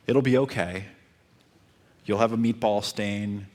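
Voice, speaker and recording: A man with a fairly low voice gives dating advice. He speaks calmly and steadily. He keeps circling back to the same points. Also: unhurried, pauses often. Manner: calm, repetitive advice-giving. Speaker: dating coach. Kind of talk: coaching talk.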